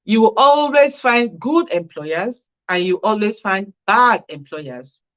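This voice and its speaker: A woman's voice: medium pitch, lively intonation, slow pace, a bit bright, muffled recording. Woman answering viewers on a livestream. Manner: reads viewer comments aloud and answers with chatty advice. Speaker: care worker hosting a Q&A livestream. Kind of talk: casual livestream Q&A.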